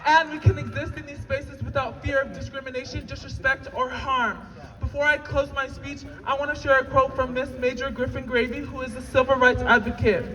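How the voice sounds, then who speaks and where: High-voiced young woman at a rally. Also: steady tone, a little fast. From Utah. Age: 20s. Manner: emotional, tearful at times, shouting to the crowd. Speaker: rally speaker. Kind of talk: impassioned rally speech. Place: outdoor rally in a city. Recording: distant outdoor rally recording with crowd and echo. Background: crowd noise.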